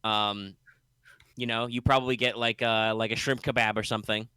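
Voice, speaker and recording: A man's voice: fairly low pitch, level tone, normal speed, bright, forceful tone, clean tone, no echo. A man running a tabletop game as game master, narrating loosely with plenty of fillers and restarts. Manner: rambling, many fillers and restarts.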